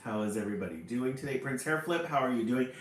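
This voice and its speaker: Talking fast with an expressive, medium-pitched voice, a livestream host keeps things casual as he welcomes viewers by name. He sounds cheery, and his pitch leaps up on each hello, while faint music plays under a roomy echo.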